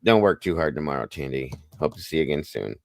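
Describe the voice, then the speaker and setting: Folksy male livestream host, low voice, dry close mic, casual swearing storyteller. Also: very animated, fast, creaky, a little mellow, dry recording.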